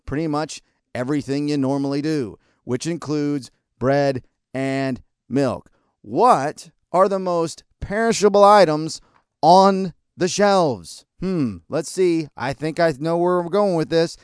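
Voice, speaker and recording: A man's voice: on the high side, slow, smooth, dry recording, clean studio sound. Sarcastic ranting male podcast host. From American. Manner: sarcastic, scolding and exasperated, hurling insults; mock calm and soothing delivery that breaks into outbursts. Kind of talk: ranting opinion segment.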